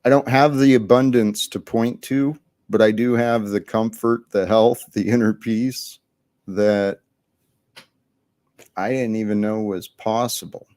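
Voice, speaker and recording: A man's voice: fairly low pitch, steady tone, measured pace, a little mellow, no room sound. A man hosting a live panel chat, talking in an earnest, reflective way and laughing easily.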